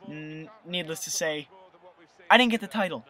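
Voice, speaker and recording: A young gamer giving excitable gameplay commentary over a football video game, swinging between hype and annoyed rants. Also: mid-range voice, moderate pace. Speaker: gaming video host.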